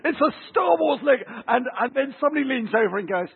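A man preaching a lively sermon, acting out little scenes with family voices. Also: very high-pitched, quick pace, gravelly, breathy edge. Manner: animated, acts out voices of kids and parents. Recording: tinny phone-like sound.

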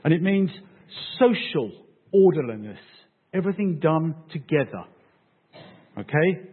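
Husky man preaching conversationally. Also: a little high, very animated, a little slow, phone-quality sound. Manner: conversational, checks in with "okay?". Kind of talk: sermon.

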